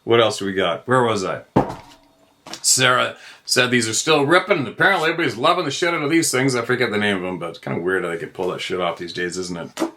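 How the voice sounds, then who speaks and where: A man's voice: fairly low pitch, fast talker, noisy background. A middle-aged man hosting his own show, ranting in a heated, profane monologue. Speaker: host. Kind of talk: angry monologue.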